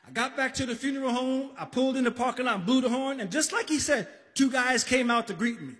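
A man from the Bronx telling a story on a live stage, animated, acting out voices and shouting at times. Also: very high-pitched, fast. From the Bronx, New York. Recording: live stage recording in a reverberant hall.

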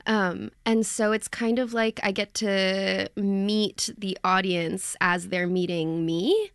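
Female actor guest, lively, searching for words, dry close sound. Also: mid-range voice, slow, clear, resonant tone, no echo. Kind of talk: casual interview answers.

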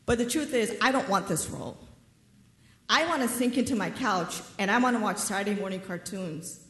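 A woman's voice: medium pitch, lively intonation. Wry woman telling a story on stage. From New York. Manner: wry, measured storytelling with dry humor. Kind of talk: live personal storytelling. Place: theater stage. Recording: roomy theater reverb.

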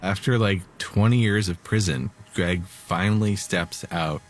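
A man's voice: deep voice, measured pace, slight background noise. A man narrating a true-crime story in a casual scripted style, dropping in filler words. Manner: casual, uses filler 'like'. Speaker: podcast narrator.

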